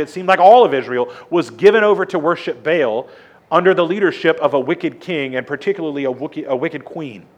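A man preaching a sermon, retelling scripture with lively, emphatic storytelling. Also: on the high side.

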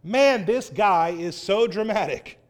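A man preaching a sermon in an animated, wry way, acting out voices as he quotes. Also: high-pitched, slow pace.

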